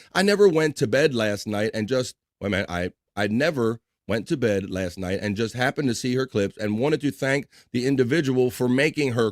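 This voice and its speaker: A man's voice: mid-range voice, no echo, studio quality. A man hosting a casual live stream, reading viewer comments aloud and bantering with his chat. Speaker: livestream host reading chat. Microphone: studio microphone.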